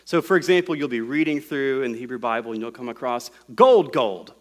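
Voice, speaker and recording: A man's voice: mid-range voice, animated, brisk. A man preaching a sermon to a congregation in a room, explaining scripture word by word in a patient teaching tone.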